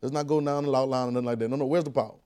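A man preaching a conversational sermon, repeating phrases and rising to shouted calls. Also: medium pitch, steady tone, very fast, clean tone.

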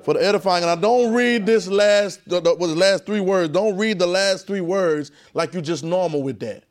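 Emphatic man preaching a Bible class. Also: normal speed. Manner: emphatic and repetitive, often dropping to a low, quiet voice. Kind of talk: call-and-response Bible teaching.

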